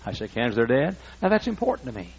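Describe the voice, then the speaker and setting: A man in his sixties preaching a sermon, emphatic and repetitive as he builds toward shouting. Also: medium pitch, sing-song, fast, slightly rough, dull audio. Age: 60s. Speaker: pastor.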